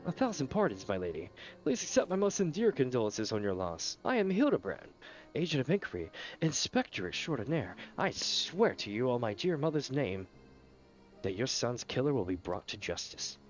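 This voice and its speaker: Hildibrand, a man doing a pompous gentleman inspector. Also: very animated, normal speed, highs cut off, faint music behind, lightly acted. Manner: grandly formal, low and pompous. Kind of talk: reading game dialogue aloud.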